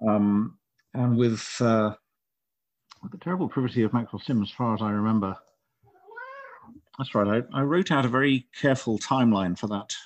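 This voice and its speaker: A man's voice: medium pitch, normal speed, long pauses, no room sound. Middle aged guy, author, rambling and thoughtful, dry close sound. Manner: thoughtful, rambling with frequent restarts. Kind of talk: casual interview chat.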